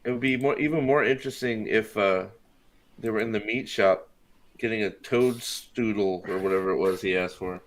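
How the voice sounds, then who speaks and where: A man's voice: fairly low pitch, normal speed. A man hosting a casual watch-party chat, ranting and mocking the show with lots of swearing. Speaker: host.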